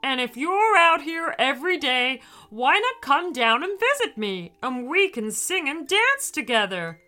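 A woman's voice: high voice, big pitch swings, unhurried, bright, forceful tone, faint music behind, pitched above the performer's own voice, heavily acted. A woman voicing a cheerful, singing old magical car in a children's story, bouncy and sing-song.

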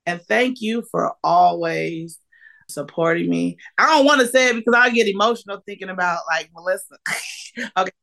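Woman, 40s, podcast guest comedian: gravelly, laughing, excitable. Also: mid-range voice, moderate pace. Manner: lively and emotional, laughing often, with bursts of excitement. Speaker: guest, comedian and keynote speaker. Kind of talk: casual podcast interview.

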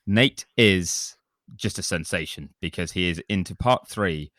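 A man's voice: deep voice, measured pace, a bit bright, no echo, clean studio sound. A man hosting a casual podcast chat, reading listener reviews aloud with a chatty, self-deprecating manner. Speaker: podcast host.

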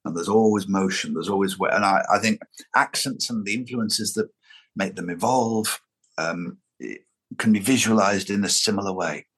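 A man speaks as a guest in an interview, his voice set a little low and slightly husky. He muses playfully and dwells on words as he chats casually. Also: normal speed, fairly bright tone. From England. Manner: musing, playful, savors words. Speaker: guest impressionist.

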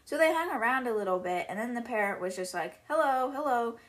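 A woman's voice: medium pitch, lively intonation, fast. A woman hosting a podcast, casually summarizing a book in a chatty, filler-heavy retelling. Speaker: podcast host.

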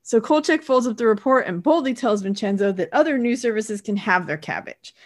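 A woman co-hosting a podcast, narrating scenes in a relaxed way and acting out the quoted lines. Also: a little high, fairly quick. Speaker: podcast co-host. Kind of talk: casual recap chat.

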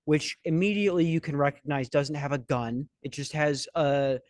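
A man's voice: a little high, steady tone, moderate pace, darkish tone, no echo. A young man hosting a podcast, telling a comic story in a rambling, profane, self-mocking way. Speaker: podcast host. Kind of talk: comedic storytelling chat.

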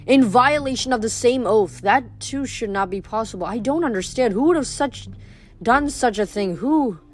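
A woman voicing a weary, wise old male centaur teacher, speaking gravely and low. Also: expressive. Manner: grave, sorrowful, slow.

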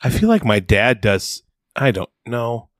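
A man's voice: medium pitch, very animated, unhurried, no room sound, studio quality. A young man co-hosting a podcast in casual, goofy chat, musing and laughing easily. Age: young adult. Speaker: podcast co-host.

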